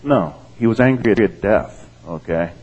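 A man with a fairly low voice delivers a sermon, reading scripture aloud and commenting on it. He talks to the congregation in a relaxed, conversational way and keeps checking in with "okay?" and "amen?". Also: unhurried, breathy edge, lo-fi sound. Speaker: pastor.

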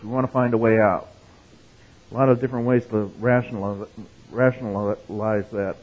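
A man's voice: fairly low pitch, fairly even intonation, moderate pace. A male pastor giving a conversational sermon. He reads scripture with rising emphasis, tells jokes and keeps checking in with the congregation. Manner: conversational, checks in with "right?" and "okay?". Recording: phone-like narrow sound.

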